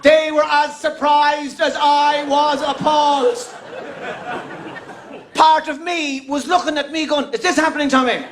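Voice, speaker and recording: A man's voice: very high-pitched, little pitch movement, slow pace, crowd noise, noisy background. A middle-aged Irish man telling a stand-up story on stage, emphatic and profane. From Ireland. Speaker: stand-up comedian. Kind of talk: stand-up comedy routine. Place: comedy stage. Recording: echoey venue.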